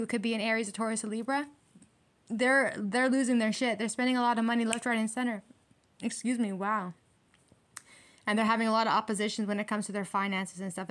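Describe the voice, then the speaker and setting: A woman's voice: mid-range voice, a bit bright. A young woman doing a casual tarot reading, talking bluntly with heavy swearing and heated emphasis. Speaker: tarot reader.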